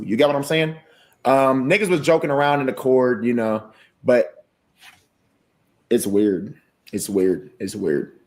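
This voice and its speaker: A man talking casually on a livestream in a subdued, serious way, repeating himself as he makes his point. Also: medium pitch.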